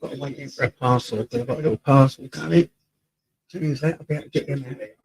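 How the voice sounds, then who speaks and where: An English man runs a casual live stream from home, greeting viewers by name and reading the chat aloud, sometimes drifting off-axis from his desk mic. His mid-range voice is steady, quick, darkish and full of vocal fry, and the audio is poor.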